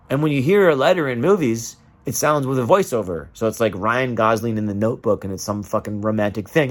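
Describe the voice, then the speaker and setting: A man's voice: medium pitch, fairly quick, few pauses. A man delivering an emotional, profane rant straight to camera and acting out the voices of the people he quotes. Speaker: vlogger.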